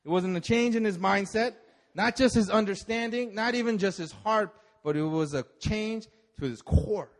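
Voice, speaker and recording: A man preaching a sermon with animated, chatty storytelling, his voice sitting fairly high for a man. He keeps the tone conversational and acts out the people in his story. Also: moderate pace. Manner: animated storytelling, acting out biblical figures with laughs. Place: church service.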